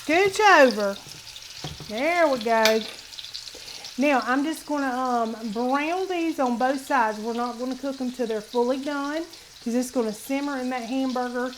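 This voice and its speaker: A woman's voice: high voice, measured pace, background noise. A woman hosting a casual cooking demonstration in her home kitchen, chatty and homey, calling viewers honey. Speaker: cooking show host.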